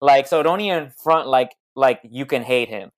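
Young male co-host, mid pitch, emphatic, slangy. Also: normal speed. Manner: emphatic, slangy, builds up arguments. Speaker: podcast co-host. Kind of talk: casual chat.

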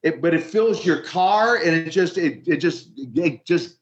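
An older man, a retired wrestler, telling lively stories in an interview and acting out the quotes. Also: a little high, unhurried. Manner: lively storyteller, acts out quotes. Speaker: retired pro wrestler guest. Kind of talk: animated storytelling interview. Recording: muffled lo-fi audio.

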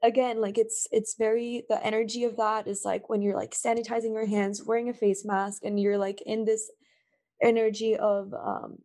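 A woman's voice: a little high, level tone, normal speed, dark tone. A woman talking in a casual conversation over a call, emotional and rambling with many fillers. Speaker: podcast guest.

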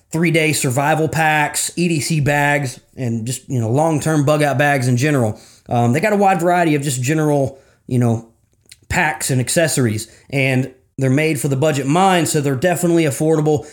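A man hosting a podcast, reading sponsor spots in a casual, enthusiastic way, full of fillers like "you know" and calling listeners "guys". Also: a little high. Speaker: podcast host.

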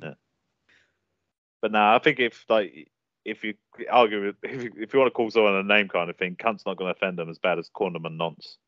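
A man's voice: lowish voice, steady tone, brisk, muffled recording. A man, co-hosting a podcast, teasing and laughing often. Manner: giggly, teasing. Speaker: podcast co-host. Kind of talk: casual banter.

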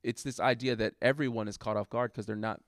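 In clean studio sound with no room echo, a man of medium pitch recounts a sermon he gave as a guest preacher. His tone is steady and his pace quick, and he talks it over thoughtfully in casual conversation, with plenty of fillers and restarts.

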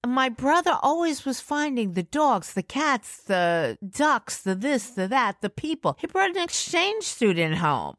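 A woman's voice: mid-range voice, sing-song, moderate pace, few pauses, dry recording, clean studio sound. A woman in her sixties from New York, telling a personal story as a podcast host and acting out her own reactions with big jumps in her voice.

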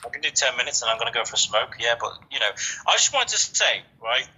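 A man's voice: mid-range voice, big pitch swings, fast, bright, forceful tone, slightly rough, rough recording. A man who hosts a podcast, talking casually and earnestly, swearing freely and often restarting his sentences. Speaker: podcast host. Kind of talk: casual chat.

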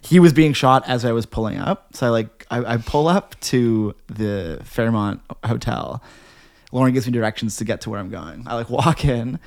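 A man's voice: mid-range voice, moderate pace, creaky. Guy on a podcast telling a story, voice jumps up and down a lot, says like constantly. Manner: rambling, heavy filler "like", animated retelling. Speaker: podcast co-host. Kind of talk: casual storytelling chat.

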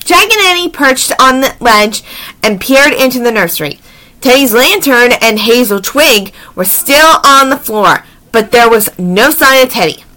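A woman reading children's books aloud in an animated, expressive way with chatty asides. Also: on the high side, measured pace. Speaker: story reader.

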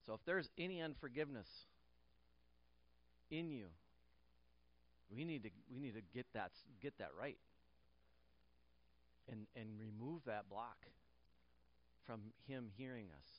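A man's voice: mid-range voice, a little slow, long pauses, highs cut off. Man preaching with rising emphasis. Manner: animated preaching with repeated phrases and restarts; jokes lightly with the congregation. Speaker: pastor. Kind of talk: sermon. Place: church.

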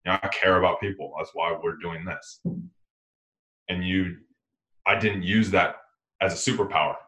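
A man with a very low voice talks through a casual podcast chat in an earnest, rambling way. He restarts his sentences as he goes. The sound is roomy and echoey. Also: steady tone, normal speed, bright, forceful tone. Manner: earnest, rambling, self-correcting. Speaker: podcast co-host.

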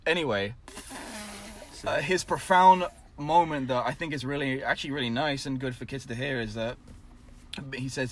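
A man's voice: mid-range voice, normal speed. A man hosting a casual group chat, talking in a reflective, rambling way with many fillers.

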